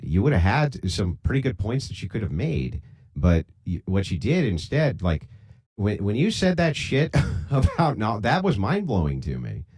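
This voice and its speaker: A man with a very deep voice hosts a streamed debate, blunt and profane as he lectures his guest. His pitch swings widely as he presses each point. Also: darkish tone, slightly rough. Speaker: debate host. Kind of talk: live-streamed debate talk.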